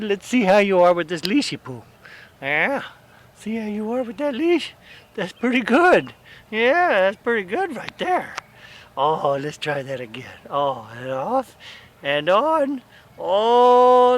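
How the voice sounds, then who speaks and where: Casual male dog owner, slow unhurried delivery with a pitch that swoops up and down, cooing and coaxing his pets. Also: fairly bright tone, a little hiss or hum. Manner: coaxing sing-song baby talk to dogs. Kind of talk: casual talk to pets on camera.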